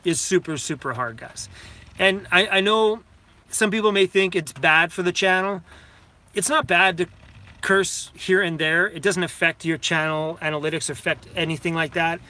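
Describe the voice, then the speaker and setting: A man's voice: sits high, normal speed, bright, forceful tone. A middle-aged man, chatting casually on a live stream, telling rambling stories, laughing and swearing freely. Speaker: vlogger hosting a live Q&A. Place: inside a van. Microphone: phone camera.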